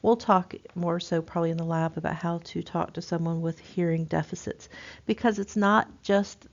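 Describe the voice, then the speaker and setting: Gravelly low-voiced woman lecturing. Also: fairly even intonation, moderate pace. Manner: informal, many fillers and restarts. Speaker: nursing instructor. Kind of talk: recorded lecture. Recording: dull lo-fi lecture recording.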